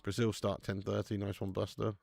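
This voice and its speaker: A man's voice: lowish voice, level tone, fairly quick, creaky, darkish tone, no room sound. A man hosting a live football watch-along, chatting casually, bantering with viewers and swearing now and then.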